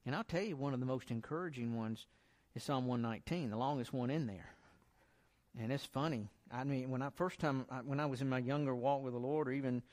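A man delivers a casual, heartfelt sermon at a middle pitch. He talks like he is chatting with his listeners and repeats phrases for emphasis. Now and then he slows down to read scripture aloud. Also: a little mellow. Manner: conversational, encouraging, repeats himself, reads scripture aloud. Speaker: preacher. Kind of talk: informal sermon.

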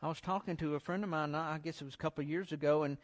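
A man giving an informal sermon, talking in a relaxed, encouraging way and reading scripture aloud. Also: on the high side, racing. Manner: conversational, encouraging, repeats himself, reads scripture aloud. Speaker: preacher.

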